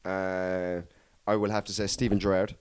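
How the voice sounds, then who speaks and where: A man's voice: deep voice, flat delivery, moderate pace, clear, resonant tone. An Irish man, a comedian co-hosting a podcast, telling stories in casual chat, swearing and laughing often. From Ireland. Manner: swearing, joking storyteller who laughs often.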